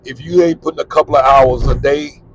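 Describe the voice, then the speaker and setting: A man's voice: medium pitch, steady tone, fairly quick, slight background noise, low-quality recording. A middle-aged man gives candid, repetitive, plain-spoken advice about living abroad while he drives. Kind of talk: casual advice monologue while driving. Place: in a car.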